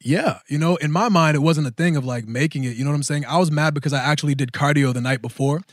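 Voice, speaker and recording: A man in his thirties, co-hosting a podcast, telling a story in a casual, animated way and acting out the voices of people he quotes. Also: a little high, fast, dry recording, clean studio sound. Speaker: podcast host.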